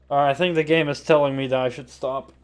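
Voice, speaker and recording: A man's voice: mid-range voice, clean tone. A man streaming a game, chatting casually as he wraps up, rambling and hesitant with many fillers. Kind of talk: casual stream sign-off chat.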